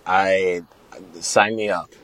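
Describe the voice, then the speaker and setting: A man's voice: sits low, steady tone, slow pace, a bit bright, rough recording. A man hosting a casual interview who jokes around and swears freely. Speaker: podcast host.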